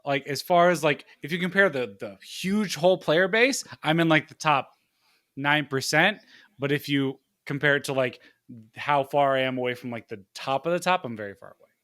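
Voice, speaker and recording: A young man co-hosting a podcast, telling stories in a rambling, animated way with lots of fillers. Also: fairly high pitch, normal speed, dry recording, clean studio sound. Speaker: podcast co-host. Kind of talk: casual chat.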